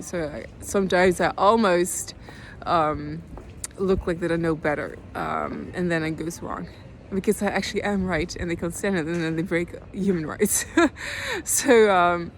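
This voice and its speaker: Hesitant Dutch-accented young woman. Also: slight background noise. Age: 20s. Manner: halting, hesitant, many fillers and restarts; calm, low-key, slow speech. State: near tears. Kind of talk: personal video diary.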